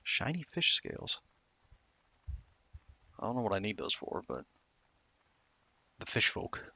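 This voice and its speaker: Male gamer, casual rambling commentary, low and gravelly, muttered asides. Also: moderate pace, bright, forceful tone, no echo. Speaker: gaming YouTuber.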